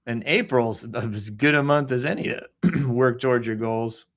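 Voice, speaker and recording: A man hosts a relaxed live stream, reading out news items and viewer posts. His delivery is offhand and playful, broken up by hummed sound effects and frequent throat clearing. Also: medium pitch, normal speed. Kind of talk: casual live-stream commentary. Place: at home in Texas.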